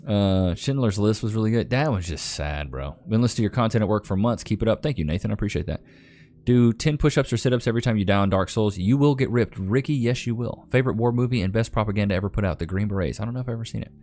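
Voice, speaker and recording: Low-voiced Texan man chatting on stream. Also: expressive, fast talker, warm tone, a little hiss or hum. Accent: Texan Southern. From Northeast Texas. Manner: laid-back, drawling, reads viewer comments aloud. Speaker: streamer reading chat. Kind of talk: casual live-stream chat. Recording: faint music in background.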